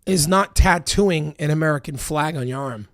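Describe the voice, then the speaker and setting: A man's voice: fairly high pitch, moderate pace, no room sound. Angry profane man ranting, dry sound. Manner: profane, heated, emphatic, repetitive. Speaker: political commentator. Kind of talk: angry political rant.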